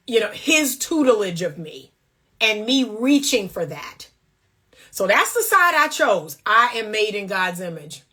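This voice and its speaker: A woman's voice: mid-range voice, a bit bright. A woman relationship coach giving blunt, emphatic faith-based commentary in a casual talk.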